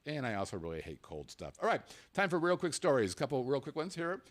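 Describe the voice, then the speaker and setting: A man's voice: medium pitch, big pitch swings, quick pace. A man hosting a casual talk show, rambling along and often stumbling and repeating words. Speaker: podcast host.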